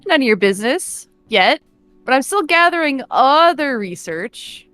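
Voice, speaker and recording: A woman voicing a cheerful, nosy young girl who asks rapid-fire teasing questions. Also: sits high, big pitch swings, fairly bright tone, no echo, faint music behind, exaggerated voice. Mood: scheming.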